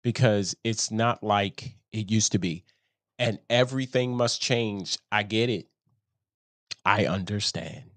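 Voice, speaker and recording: A man's voice: lowish voice, slow pace, fairly bright tone, dry recording. A man hosting a show, telling a story in a rambling, casual monologue and often laughing at himself. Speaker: show host.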